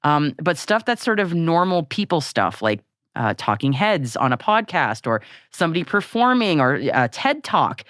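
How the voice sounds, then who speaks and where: A woman co-hosting a podcast in casual chat, animated and laughing often, with frequent restarts. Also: low voice, moderate pace, no echo, studio quality. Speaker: podcast co-host.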